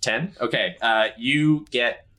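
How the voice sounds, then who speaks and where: A young man narrating a tabletop game as game master, relaxed and hesitant. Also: medium pitch, takes it slowly.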